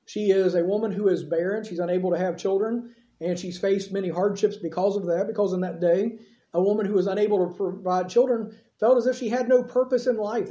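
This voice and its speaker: A preacher delivering a sermon in an easy, conversational storytelling manner, with offhand asides. The voice is mellow and dark. It echoes through a church and sounds a little dull. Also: medium pitch.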